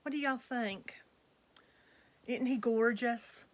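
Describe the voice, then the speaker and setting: A middle-aged woman with a drawl talks to her viewers in an easygoing chat. Her voice sits a little high and she takes her time, stretching her words as she gushes softly. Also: slow. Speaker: reborn doll collector and channel host.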